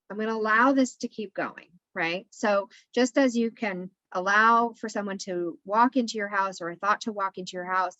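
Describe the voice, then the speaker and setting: A woman speaking as a podcast guest, teaching about emotions and release in a patient coaching tone. Her voice is of middling pitch and sounds dull and muffled. The room is dead, with no echo. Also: sharp tone. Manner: repetitive, coaching tone with frequent "right?". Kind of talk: spiritual wellness talk.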